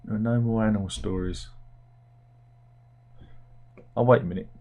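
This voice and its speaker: A British man hosts a comic news show, his voice fairly low, steady and warm at a normal speed. He chats casually and wryly, rambling as if talking to himself, full of fillers and restarts.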